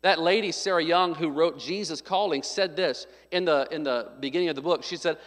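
A male pastor preaching a sermon, emphatic and conversational, with frequent restarts and loud stressed points. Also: a little high, brisk, hardly any pauses, in a large hall.

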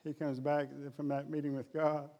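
A man's voice: a little high, flat delivery, normal speed, warm tone, in a large hall, highs cut off. A man preaching a humorous sermon in a folksy, jokey way. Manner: folksy, jokey, addresses crowd as guys.

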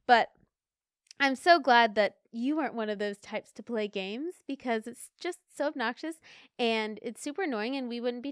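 Chatty, high-voiced woman. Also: moderate pace, smooth, no room sound, clean studio sound. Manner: chatty, animated and opinionated, slips into rants. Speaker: podcast co-host. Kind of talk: casual chat about a period drama.

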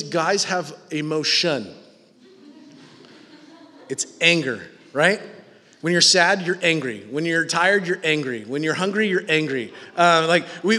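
A man preaching a sermon as pastor, animated and casual, acting out the voices he quotes. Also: sits high. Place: church hall with live audience. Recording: long hall reverb.

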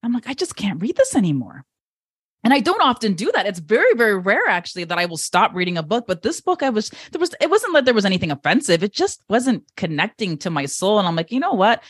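A woman hosting an interview podcast, talking in an upbeat, animated way. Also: medium pitch, fast, hardly any pauses, slightly rough, no echo, clean studio sound. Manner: lively, upbeat, animated storytelling. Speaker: podcast host.

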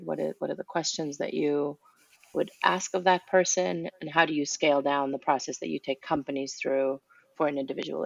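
Very low, gravelly-voiced woman host. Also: no room sound, dull audio. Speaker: interview host.

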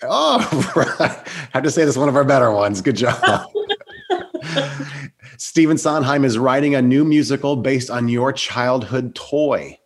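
A man hosting an interview, upbeat and laughing often as he fires off quick quiz questions. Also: medium pitch, lively intonation. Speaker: interview host. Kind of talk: podcast interview with quiz round.

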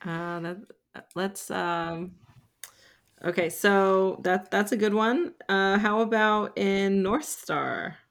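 A woman's voice: medium pitch, slow, gravelly. A woman hosting a podcast in casual chat, leading the talk with questions. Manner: leads with questions, laughs.

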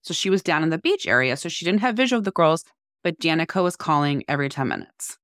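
A woman's voice: deep voice, animated, quick pace, fairly bright tone, no echo, clean studio sound. A woman in her forties, a podcast co-host, telling a story in casual chat with animation and acting out what people said.

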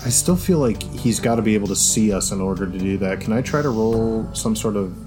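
A man's voice: lowish voice, brisk, music in the background. A young man playing a tabletop game, casual and joking. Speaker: player.

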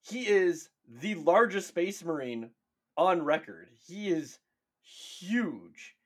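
Husky, excitable man on a podcast. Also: sits high, slow. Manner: excitable, profane, emphatic. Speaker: podcast co-host. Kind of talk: casual chat.

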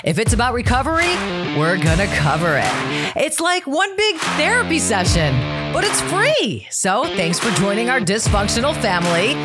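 A woman's voice: a little high, big pitch swings, moderate pace, loud music behind the voice. A woman in her forties hosting a podcast interview in a brash, profane, joking way. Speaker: podcast host.

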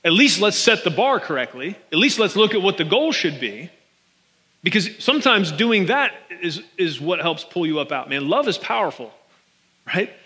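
A man's voice: high voice, sing-song, normal speed, bright, forceful tone. A man pastor giving a casual, joking sermon, talking straight to his congregation from a stage microphone. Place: large church hall. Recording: long reverb of a large hall.

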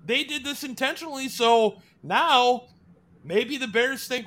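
A man with an extremely high-pitched voice speaks unhurriedly in a casual sports chat. Animated and profane, he argues his points emphatically and restarts his sentences often.

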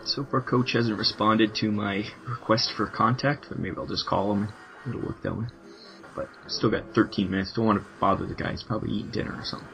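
A man's voice: fairly low pitch, steady tone, fairly quick, gravelly, a bit bright, soft background music, low-quality recording. A man chatting casually off-air, laughing often. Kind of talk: casual chat.

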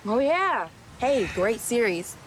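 A woman's voice: a little high, sing-song, slow pace. An actress playing a chirpy woman in a comedy skit who hands her problems to the pastor. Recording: skit video with background noise.

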